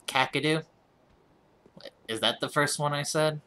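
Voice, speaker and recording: A man's voice: mid-range voice, slow, pushed and bright. A man with a rural American accent, chatting casually and self-deprecatingly with his audience as he streams a game, often restarting his words. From United States. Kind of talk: casual chat while gaming.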